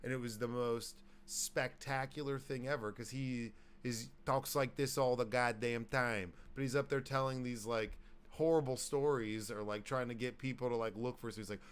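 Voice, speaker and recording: A man hosting a podcast in casual chat, loud and joking, swearing freely and slipping into put-on voices. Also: mid-range voice, fairly even intonation, moderate pace, few pauses, smooth. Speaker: podcast host.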